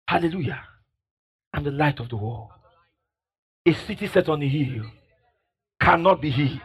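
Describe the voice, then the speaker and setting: A male preacher with a high, gravelly, husky voice that leaps wildly up and down. He bursts into shouted declarations, then sinks to low murmurs, calling on the congregation to repeat after him. The recording sounds dull and lo-fi. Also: expressive, moderate pace, long pauses. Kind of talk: fiery sermon. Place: church service with congregation.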